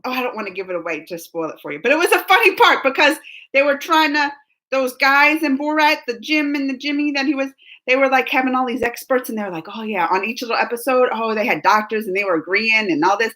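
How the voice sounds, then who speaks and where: A woman's voice: high-pitched, fast, bright, forceful tone. A woman streamer chatting casually with her viewers, reading chat comments aloud and laughing often.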